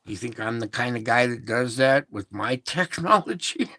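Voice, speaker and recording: A man's voice: mid-range voice, lively intonation, moderate pace, pushed and bright, no room sound, clean studio sound. A man hosting an online show, talking in a casual, preachy monologue with emphatic rhetorical questions, recorded on a phone or laptop.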